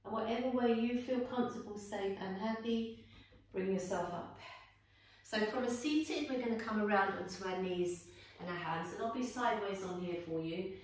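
A woman yoga teacher calmly talking students through a guided flow, with gentle encouraging cues. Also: mid-range voice, normal speed. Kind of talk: guided yoga class instruction. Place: indoor room, teacher on her mat. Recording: echoey room, voice from a distance, faint background noise.

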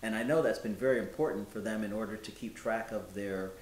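A man in a historical reenactment, playing someone who respectfully reports news of freed neighbors, listing facts in a measured way with many pauses and ums. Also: natural voice. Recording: roomy with faint low rumble.

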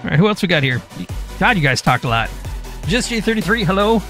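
A man hosting a game live stream, greeting chat by name in a relaxed, easygoing way. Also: high-pitched, quick pace, faint music behind. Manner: reads chat names in a relaxed drawl.

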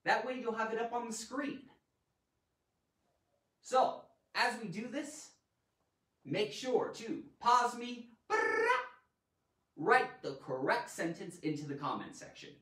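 A man hosting a live online grammar lesson in a playful, animated way, tossing in silly sound effects. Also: very high voice, unhurried, long pauses. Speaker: grammar teacher and show host. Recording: roomy echo, mic at a distance.

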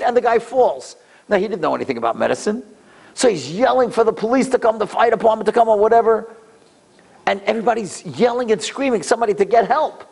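A middle-aged man giving a storytelling lecture, animated and acting out voices in dramatic bursts. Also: sits high.

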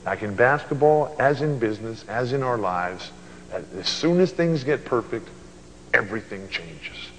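A man in his sixties giving an animated keynote at a luncheon, telling stories and acting out voices. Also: medium pitch, long reverb tail, a little hiss or hum, rough recording. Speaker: motivational speaker. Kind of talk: storytelling keynote speech. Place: banquet hall at a luncheon.

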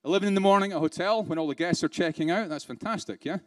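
A British man delivers a conference keynote in a chatty way, firing rhetorical questions at the room and slipping into dry sarcasm. His voice sits a little high for a man and sounds close and dry. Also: fairly even intonation, rapid-fire, no echo. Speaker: keynote speaker.

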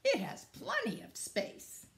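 A woman's voice: very high voice, wildly swooping pitch, slow, gravelly, fairly bright tone, voice pushed up, exaggerated voice. A woman voicing a friendly beaver in a storybook reading. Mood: calling. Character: friendly, loud-calling beaver. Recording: echoey room.

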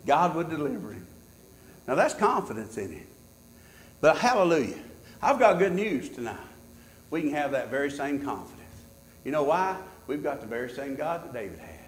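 A pastor preaching a sermon in church, swinging between loud high peaks and low, quiet asides. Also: male voice, big pitch swings, moderate pace, long pauses, reverberant.

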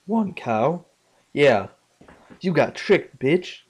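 A young man narrates his game session at an unhurried pace, muttering under his breath between outbursts. He swears freely and jumps loud when the game surprises him. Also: fairly high pitch, very animated, breathy edge. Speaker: gaming channel host. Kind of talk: casual let's play commentary.

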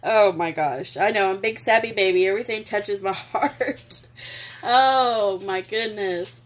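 A woman's voice: medium pitch, normal speed. Gushing woman vlogger. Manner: gushing, sentimental, exclaims often. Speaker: craft vlogger. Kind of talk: casual unboxing chat.

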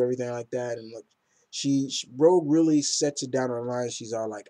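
A man's voice: medium pitch, brisk, dark tone. A man casually reviewing comic books in a rambling, enthusiastic way with many fillers.

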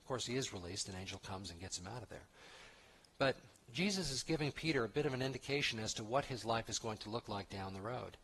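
Husky-voiced man preaching a conversational sermon. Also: medium pitch, animated, quick pace, a bit bright. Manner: conversational, emphatic, with restarts and asides. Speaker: pastor. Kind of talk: expository sermon.

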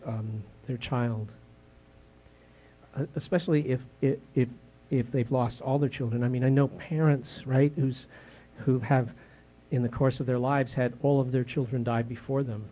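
A man playing a pastor in his fifties delivers a sermon in a mid-pitched voice that sounds more like conversation than oratory. He circles his point with repeated questions, false starts and fillers. He turns hushed and slow on painful words, then climbs in pitch and force when he is indignant. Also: slightly rough. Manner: drops soft and slow on grave words, rises sharply when indignant.

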